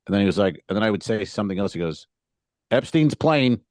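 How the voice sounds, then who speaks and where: Low-voiced comedian telling road stories. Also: male voice, racing, dry recording. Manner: animated storytelling, acts out hecklers and himself on stage. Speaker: stand-up comedian and podcast co-host. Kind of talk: casual chat.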